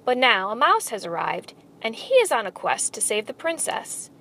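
A woman voicing a sly, smooth-talking male rat villain in a storybook reading, with a silky, theatrical delivery. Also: on the high side, sing-song, moderate pace, bright, forceful tone, a little hiss or hum, full character voice. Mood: scheming. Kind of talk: storybook read-aloud.

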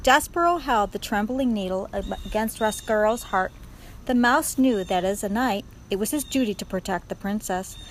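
A woman's voice: mid-range voice, normal speed, a little hiss or hum, rough recording. A woman reading a children's storybook aloud expressively, speaking straight to the reader. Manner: expressive, addresses the reader directly.

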